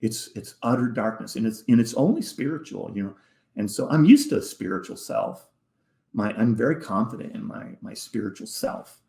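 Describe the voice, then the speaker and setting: A man, a podcast guest, telling an emotional personal story in a halting way, repeating words and sometimes dropping almost to a whisper. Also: medium pitch, lively intonation, gravelly, warm tone. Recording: echoey room.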